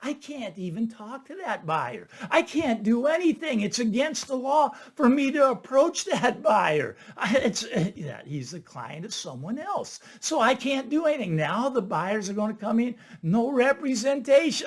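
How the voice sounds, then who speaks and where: A man's voice: very high-pitched, very animated, normal speed, few pauses. An older man, a real estate listing agent, talking casually to camera, stressing his points by repeating them and chuckling. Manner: emphatic, repeats key phrases, chuckles.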